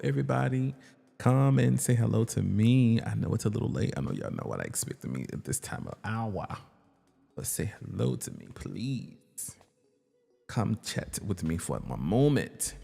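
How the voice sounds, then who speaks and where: Male streamer host, deep and dark voice, laid-back slangy chat, reverby room, faint music under. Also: creaky. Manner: relaxed, greets chat repeatedly, casual slang. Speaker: livestream host, ministry leader. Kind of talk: casual live stream chat.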